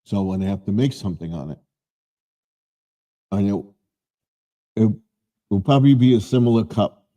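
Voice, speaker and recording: A man's voice: fairly low pitch, animated, normal speed, pauses often, warm tone. A man in his seventies hosting a live stream, chatting casually in a rambling way and often correcting himself.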